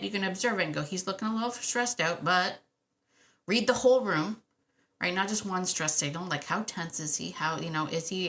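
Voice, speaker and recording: Bright-voiced chatty woman podcaster. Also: on the low side. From Canada. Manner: chatty and enthusiastic, many "right?" asides. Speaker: dog trainer and podcast host. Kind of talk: casual podcast monologue.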